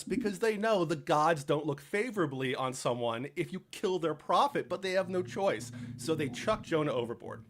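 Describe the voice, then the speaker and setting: A young man casually retelling a Bible story with jokes, dropping into quick voices for the people in it. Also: high-pitched. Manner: animated, jokey, acts out characters in quick asides. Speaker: podcast co-host.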